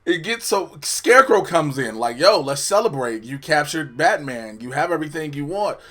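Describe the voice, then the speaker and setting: A young man co-hosting a casual review chat, excitable and quick to laugh. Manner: excitable, laughs often, loud jumps in pitch. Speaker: co-host reviewing a cartoon episode.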